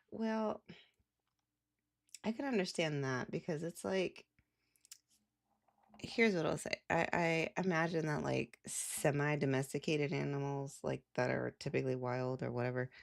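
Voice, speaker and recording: A young adult woman live streamer chats casually in a low voice with vocal fry. She rambles, laughs a lot, and fills her talk with "like."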